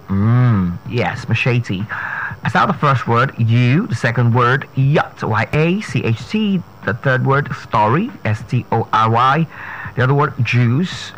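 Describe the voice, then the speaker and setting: A man coaching English pronunciation over the radio at an unhurried, drawn-out pace, spelling each word letter by letter and saying it again and again. His voice sits at an ordinary pitch, with a faint hiss of noise underneath. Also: animated, fairly bright tone, dull audio. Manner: spells words letter by letter, repeats them slowly. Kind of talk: slow pronunciation lesson on radio.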